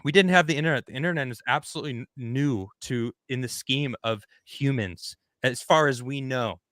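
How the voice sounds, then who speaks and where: A man hosting a casual podcast chat, talking in an animated, rambling way and acting out the people he quotes. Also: mid-range voice, brisk, no echo, studio quality. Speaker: host.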